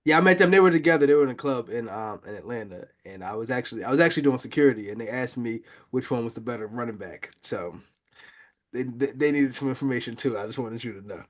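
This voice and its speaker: A man hosting a casual football chat, excitable and quick to laugh. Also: mid-range voice. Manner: lively, excitable, laughs often. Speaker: podcast host.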